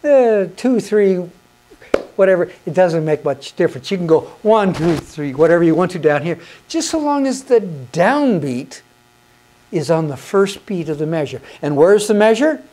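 A man's voice: high voice, lively intonation, normal speed, darkish tone. A man teaching hymn conducting in an instructional video, patient and encouraging, counting beats aloud and asking questions that he answers himself.

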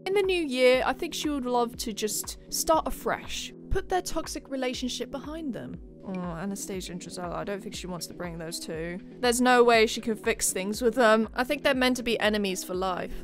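Excitable woman gameplay commentator, fairly high voice, quick shrieks of surprise, soft music behind. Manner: excitable, with sudden shrieks and exclamations. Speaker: game commentator.

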